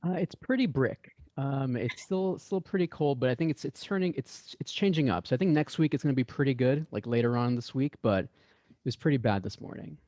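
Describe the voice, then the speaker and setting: A man's voice: medium pitch, a little fast, dark tone, no echo. A man joining a live stream as a guest, playful and easygoing, often repeating his words. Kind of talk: casual chat on a video call.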